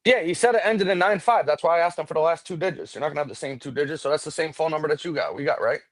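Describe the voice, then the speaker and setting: A man hosting a livestream, ranting fast and heatedly with lots of swearing in casual chat from his home computer room. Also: a little high. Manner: rapid, profane ranting. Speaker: livestream host.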